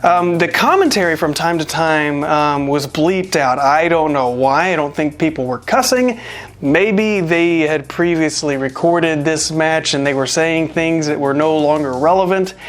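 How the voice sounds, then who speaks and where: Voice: medium pitch, measured pace. Chatty wrestling reviewer, rambles a lot, wry jokes, pokes fun at themself. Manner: rambling and chatty, with jokey asides. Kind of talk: casual spoken review.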